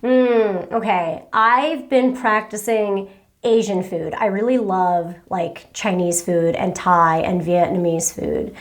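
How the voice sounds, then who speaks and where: A woman's voice: mid-range voice, slow pace. A woman in her thirties from the United States, chatting casually and giggling as she reads out and answers viewer questions. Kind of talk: casual Q and A chat.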